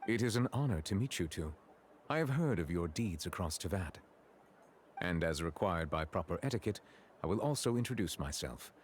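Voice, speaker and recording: A very deep-voiced, stiffly polite chief justice speaks in a measured way with a French accent. His pitch still rises and falls a good deal, and a faint hiss sits behind him. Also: expressive. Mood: formal. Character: formal, courteous male chief justice.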